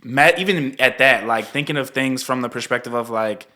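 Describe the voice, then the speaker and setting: A man talking casually as a podcast guest, animated and trailing into playful asides, in a small room where voices bounce off the walls. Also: mid-range voice, moderate pace. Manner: animated, slips into mock voices. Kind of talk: casual conversation.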